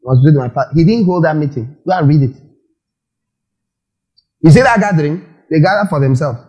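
A man's voice: on the high side, lively intonation, a little fast, a little mellow, low-quality recording. A man preaching a sermon as a pastor, asking the congregation questions and acting out quotes.

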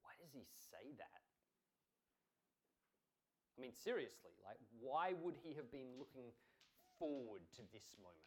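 A man's voice: mid-range voice, big pitch swings, measured pace, pauses often. A man preaching a sermon in an earnest, emphatic way, asking rhetorical questions.

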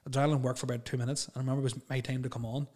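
Fast-talking man. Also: medium pitch. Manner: rambling animated storyteller, laughs often, swears. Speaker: podcast guest telling stories. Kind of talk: casual chat.

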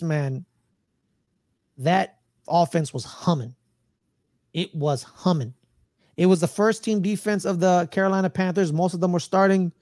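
A man's voice: on the high side, a little mellow, no echo, clean studio sound. A man co-hosting a sports podcast, ranting in a loose, slangy way and repeating himself. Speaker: podcast co-host. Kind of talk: casual sports chat.

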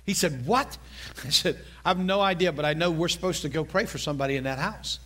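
Man, pastor, sermon, high voice, animated storytelling, repeats key phrases. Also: fast.

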